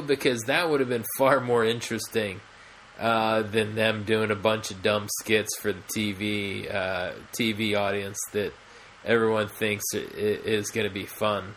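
Casual podcast man, slow and rambling, full of ums and restarts, faint noise behind. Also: lowish voice, steady tone, a bit bright. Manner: rambling, many fillers and restarts. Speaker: podcast co-host. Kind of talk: casual chat.

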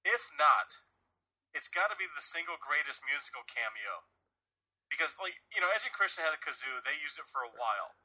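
A man with a bright, edgy voice and a husky grain, hosting a loose podcast conversation. He rambles, gets worked up, and laughs through his stories. His voice sits a little high. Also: brisk, low-quality recording. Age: adult, married. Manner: rambling, animated, laughs while talking. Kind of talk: casual chat.

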